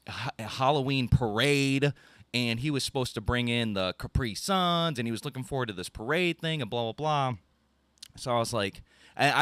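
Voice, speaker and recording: A man's voice: mid-range voice, a bit bright, no echo. A man, telling a rambling story on a casual podcast, ranting and swearing freely. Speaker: podcast co-host.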